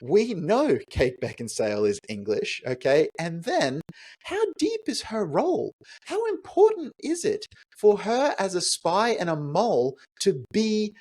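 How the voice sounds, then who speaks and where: A man co-hosting a podcast, chatting casually about a film, animated and rhetorical, with frequent fillers as he thinks aloud. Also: sits high, unhurried, husky. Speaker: podcast co-host. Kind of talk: casual movie review chat.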